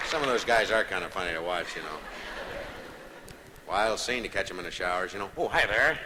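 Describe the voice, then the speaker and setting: A man doing a rambling stand-up monologue, giggling between playful asides. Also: fairly low pitch. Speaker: comedian. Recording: live hall with long reverb, loud hiss.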